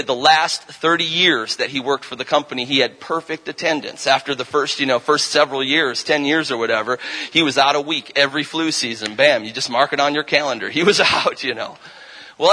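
A man's voice: fairly high pitch, bright, forceful tone, poor audio. A man in his thirties preaching a revival sermon, telling healing stories and rising into fervent, emphatic declarations.

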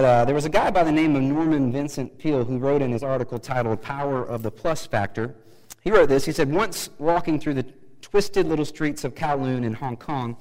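A man preaching a sermon, chatty and joking, rising to loud emphatic bursts. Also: medium pitch, in a large hall, rough recording. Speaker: pastor.

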